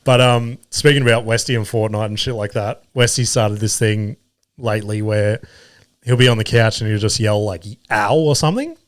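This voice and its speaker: A man's voice: on the low side, moderate pace, dry recording, studio quality. A man hosting his own podcast, telling home and comedy stories in a casual, sweary way and laughing at himself. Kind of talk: casual solo podcast storytelling.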